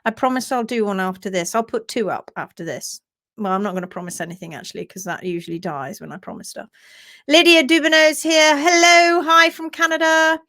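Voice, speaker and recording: A bubbly woman hosts a casual live chat and warmly greets each viewer by name. Her voice sits high and sounds bright and crisp. She talks in a lively, sociable way throughout. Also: fairly quick. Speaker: livestream host. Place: at home, based in France.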